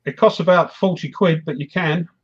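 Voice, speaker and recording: A man's voice: a little high, normal speed, husky. Teasing man on muffled lo-fi audio. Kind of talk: casual chat.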